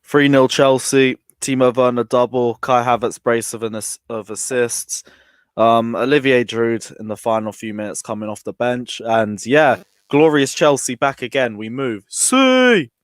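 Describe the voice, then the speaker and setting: A man's voice: medium pitch, fairly even intonation, moderate pace, clean tone, no echo. A young man chatting as a fan pundit on a live stream, upbeat and matter-of-fact.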